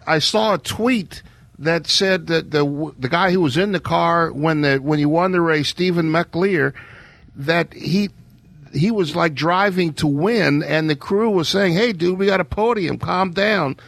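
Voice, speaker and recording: Gravelly-voiced radio co-host man. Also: fairly high pitch, unhurried, a bit bright, no echo. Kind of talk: radio talk show questioning.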